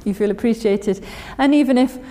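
A woman's voice: a little high, fairly quick, warm tone, long reverb tail. A woman giving an informal, chatty sermon and reading scripture aloud, with many fillers and restarts. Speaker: church speaker.

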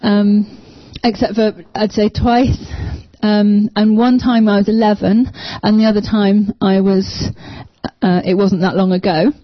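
A woman in her thirties shares a faith story in a hesitant, um-filled way, turning enthusiastic. Her mid-pitched voice sounds dry and close, on a somewhat dull, lo-fi recording. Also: little pitch movement, unhurried, no echo. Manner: hesitant, full of ums, enthusiastic. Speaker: church small group member. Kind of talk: casual personal testimony.

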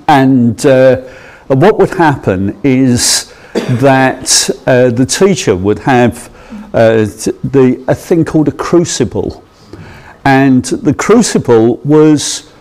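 A man's voice: medium pitch, darkish tone. A middle-aged English man delivers a homely sermon in a rambling, storytelling way. He trips over his words, restarts often and chuckles as he goes, then draws a plain lesson at the end. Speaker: preacher. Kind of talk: anecdotal sermon.

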